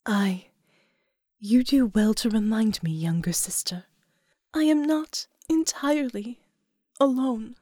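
A woman voicing a sorrowful, humble female angel in a slow, hushed whisper, reading a storybook. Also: fairly high pitch, dry recording. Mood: sad.

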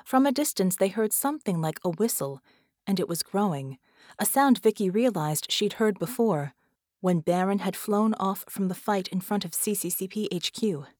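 Woman audiobook narrator, steady storytelling, medium pitch, dry close mic. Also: moderate pace, no echo. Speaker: audiobook reader.

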